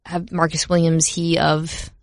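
A woman's voice: sits low, flat delivery, unhurried, no room sound, studio quality. A woman with a Minnesota accent co-hosting a podcast, chatting casually and chattily about football with self-mocking asides. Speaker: podcast co-host. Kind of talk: casual sports chat.

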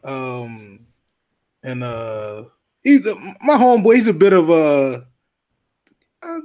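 Dude co-hosting a chill podcast, slightly high voice, lots of ums and uhs. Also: male voice, sing-song, slow pace, dark tone. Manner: laid-back, many fillers, joking. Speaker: podcast co-host. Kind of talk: casual podcast chat.

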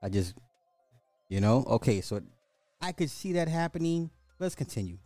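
A man's voice: mid-range voice, big pitch swings, normal speed, dark tone, no echo, faint music behind. A man hosting a podcast, reading a news story aloud and breaking off for sarcastic, casual asides. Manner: sarcastic, jokey, reads articles aloud with asides. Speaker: podcast host.

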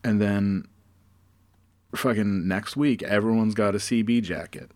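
A man's voice: fairly low pitch, measured pace, a little mellow. Man, casual comedy co-host, rambles and swears, restarts his sentences. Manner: rambling, profane, many restarts.

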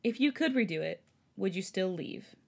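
Young man, hurt, bitter, soft hushed lines, storybook reading, woman reader. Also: medium pitch, lively intonation, normal speed, gravelly.

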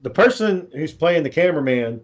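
A man in casual chat, rambling through a low-budget horror film plot, swearing freely and acting out the characters' lines. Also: lively intonation, normal speed, lo-fi sound, a crowd in the background. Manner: rambling, profane, acts out quoted lines. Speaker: amateur filmmaker pitching a script.

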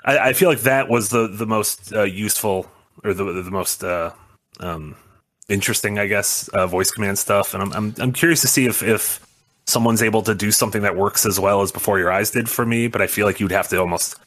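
A man with a fairly low voice talks through his thoughts in a halting way, restarting sentences and agreeing often. It sounds like relaxed podcast chatter between friends. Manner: hesitant, many fillers and restarts, agreeable. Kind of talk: casual chat.

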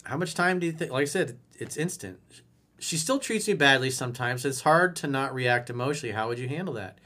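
A male relationship coach replying to a viewer's letter on video. His voice sits at an ordinary middle pitch for a man. He reads the questions out and then answers in a blunt, emphatic way, with casual swearing. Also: lively intonation, fairly quick, sharp tone. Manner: blunt, profane, emphatic advice.

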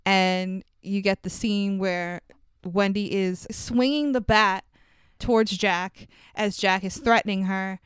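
A woman's voice: mid-range voice, steady tone, slow, clean tone, no echo, clean studio sound. Chatty, laughing woman recapping a movie. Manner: chatty, swears, laughs often, acts out quotes. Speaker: podcast co-host.

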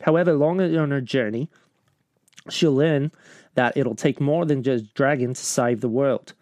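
A man's voice: mid-range voice, unhurried, darkish tone, no room sound, natural voice. A man doing a jokey, amateur Australian accent while reading a film synopsis aloud, stumbling on the names. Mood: mock-grand.

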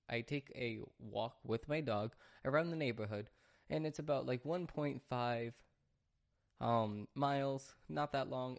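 This is a man hosting his own podcast from a home studio. He talks in a loose, rambling monologue, full of restarts and little detours before he finds his point again. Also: mid-range voice. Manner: rambling, chatty, restarts and sidetracks. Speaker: podcast host. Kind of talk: casual solo podcast monologue.

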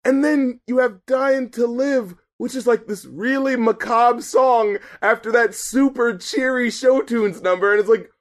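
A man co-hosting a podcast, chatting casually and swearing through animated, incredulous rants about an album. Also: very high voice, measured pace, hardly any pauses. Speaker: podcast co-host reviewing albums. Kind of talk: casual chat.

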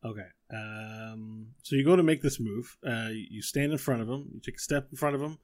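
A man narrating as game master of a tabletop game, talking in a relaxed, rambling way with many fillers. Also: medium pitch, normal speed.

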